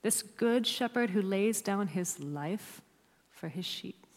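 A woman preaches a sermon to a church, her mid-range voice expressive and slow. She is emphatic, dropping to near-whispers on key words, and the recording carries a long hall reverb.

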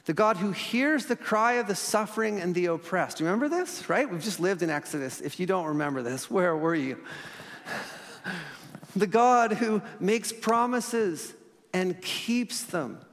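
A man delivers a sermon in an earnest tone, stretching key words slowly and letting phrases fall soft. His voice sits a little high for a man. A long reverb trails his words through the hall. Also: lively intonation. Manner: earnest, with slow emphatic pauses and sudden soft drops. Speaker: pastor.

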